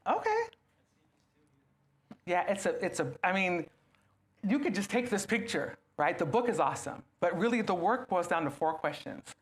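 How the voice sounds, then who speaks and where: A female guest speaker gives a lively, animated talk to a gathered live audience, acting out small scenes as her pitch leaps and falls. She moves at a moderate pace, pausing often and repeatedly turning to her listeners with questions.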